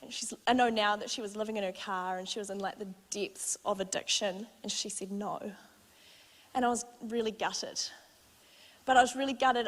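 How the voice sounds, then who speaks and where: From the stage of a church auditorium, a young woman with a slightly high voice delivers a sermon built around her personal testimony. She speaks in a heartfelt, conversational way, acting out exchanges with energy, and the hall adds a long reverb.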